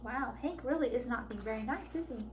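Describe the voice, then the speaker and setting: A woman reading a picture book aloud to children at a library storytime, warm and animated. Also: a little high, brisk, a little hiss or hum. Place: public library.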